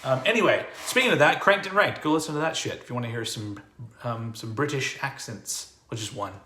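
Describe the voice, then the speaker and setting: A man's voice: medium pitch, expressive, brisk, pushed and bright, reverberant, slight background noise. A man hosting a music show, signing off in a loose, rambling way with many fillers. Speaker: host of a music video show. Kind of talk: casual livestream sign-off.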